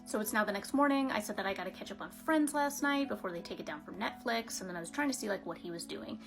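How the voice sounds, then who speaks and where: A woman in her twenties telling a comedic story as a vlogger, with sarcastic, deadpan asides. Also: mid-range voice, fast, over music.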